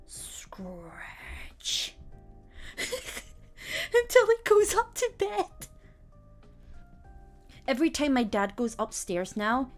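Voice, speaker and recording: A young woman streamer chatting casually to her viewers, telling stories about her cats and laughing often. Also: medium pitch. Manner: chatty storytelling, giggly, acts out her cats. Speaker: VTuber streamer.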